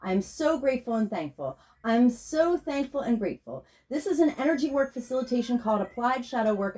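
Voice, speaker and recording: A woman, a spiritual healing facilitator, reading a scripted guided meditation and invocation in a slow, measured way. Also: fairly high pitch, darkish tone.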